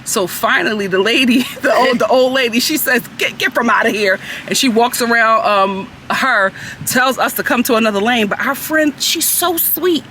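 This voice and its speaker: A young woman vlogger, telling a story in animated casual chat and acting out the people in it. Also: a little high, moderate pace, a little hiss or hum.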